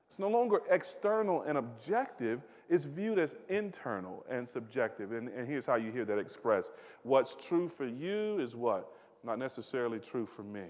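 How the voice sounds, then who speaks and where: Man preaching in a reverberant hall. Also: a little high. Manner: conversational preaching, repeats words, asks the audience questions. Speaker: pastor. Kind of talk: sermon. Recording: long reverb of a large hall.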